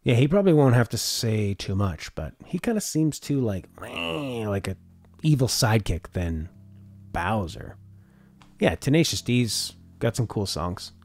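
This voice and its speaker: A game-showcase streamer hosts a laid-back reaction chat, mulling things over and reading out viewer comments before he replies. His voice sits on the low side, slow and a bit mellow, with a sing-song lilt.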